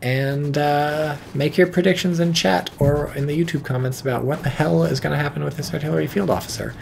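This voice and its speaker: A man giving casual, profane, excitable commentary on a strategy game match, with wry asides. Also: on the high side, fairly quick, vocal fry, slight background noise. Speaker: game caster.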